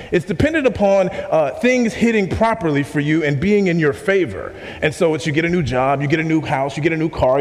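A man's voice: fairly high pitch, long reverb tail. A pastor preaching a sermon to his congregation, emphatic, repeating key questions and asking the room to respond.

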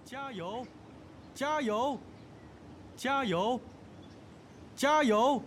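Brief: eager young cheerleader guy, voiced by a man, high and bouncy, slow energetic chanting. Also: slight background noise, heavily acted. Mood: cheering. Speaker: dialogue voice in a language lesson.

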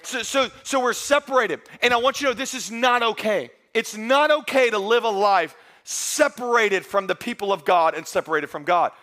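A male pastor delivers a sermon to his congregation in a church service. His voice sits high for a man and sounds bright and forward. He preaches earnestly and conversationally, often restarting and repeating words as he goes. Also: normal speed, hardly any pauses.

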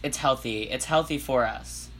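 A man co-hosting a casual comedy podcast, rambling and cracking jokes. His voice is bright and forceful at an ordinary pitch, and he often swears. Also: normal speed, a little hiss or hum. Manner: rambling, joking, profane. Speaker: podcast co-host. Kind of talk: casual comedy chat and reading aloud.

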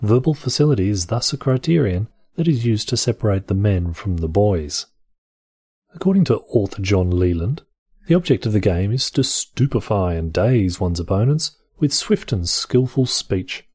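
A man reads a text aloud in a low, husky, mellow voice, breaking off for wry, sarcastic asides. The sound is dry and close, with no room echo. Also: expressive, normal speed. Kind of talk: comic reading aloud.

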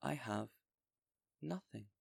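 A man voicing a gentle, resolute old bishop who speaks with mild, patient firmness. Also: mid-range voice, expressive, slow, vocal fry, breathy edge, no echo, clean studio sound, full character voice. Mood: calm resolute.

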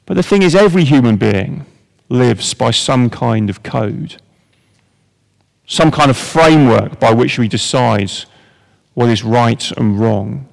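A man's voice: mid-range voice, expressive, measured pace, creaky, long reverb tail, rough recording. A man giving a sermon to a congregation in a conversational, wry way, full of rhetorical questions. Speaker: preacher.

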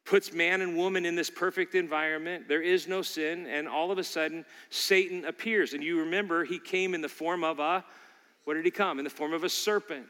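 A man's voice: a little high, pushed and bright, long reverb tail. A male pastor preaching a sermon, emphatic and fond of repeating key lines for emphasis.

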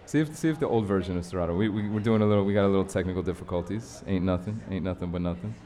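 A man hosting a live radio show from a bar storefront, talking in a relaxed, casual way and affirming his guest often. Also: sits low, very fast. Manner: laid-back, affirming with frequent backchannels.

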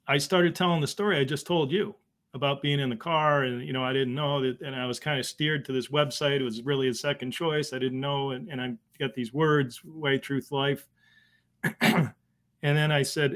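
A man, telling a personal story as a guest, halting and emotional with many restarts. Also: mid-range voice, fairly bright tone. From Boston area. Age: 50s. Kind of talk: conversational storytelling.

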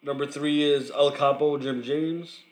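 A man on a casual podcast, calmly running through his ranked list. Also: a little high, unhurried, reverberant. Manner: reading off a list, easygoing. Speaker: podcast co-host. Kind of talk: casual chat.

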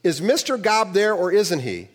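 A man voicing an impatient, firm female telephone operator who talks in a brisk, insistent way. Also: very high-pitched, fairly bright tone, big-room sound, voice pushed up.

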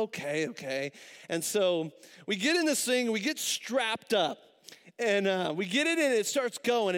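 A man's voice: very high-pitched, a bit bright. A man in his thirties preaching a sermon as pastor, telling stories in a conversational way and asking the listeners questions. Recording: long reverb of a large hall.

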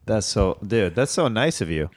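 Lively, chatty male co-host. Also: on the low side, normal speed. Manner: chatty, reactive. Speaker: podcast co-host. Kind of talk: casual chat.

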